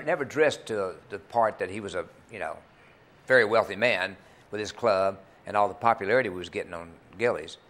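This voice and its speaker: Guesting on a TV interview, an older man who is a country singer and club owner relates rambling, homespun anecdotes in a fairly low, slightly bright voice.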